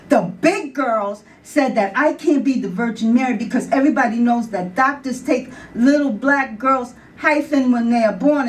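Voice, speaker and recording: New York woman reading poetry at slow pace. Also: fairly high pitch, distant mic, slight background noise, poor audio. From New York City. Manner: storytelling with acted voices and laughter. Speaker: poet. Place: bar with live audience.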